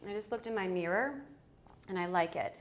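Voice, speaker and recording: A woman's voice: medium pitch, a little fast, a little hiss or hum. A woman hosting a live fashion try-on from her small home studio, chatty and addressing viewers directly. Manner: chatty, self-interrupting, talks to viewers. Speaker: fashion livestream host. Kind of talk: casual live try-on chat.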